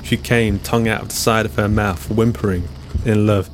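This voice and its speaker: A man tells his own scripted story in a very deep, low voice. His delivery is dry and deadpan, and the wit is understated. Music plays clearly behind him throughout. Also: normal speed. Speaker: author and narrator. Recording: narration over music.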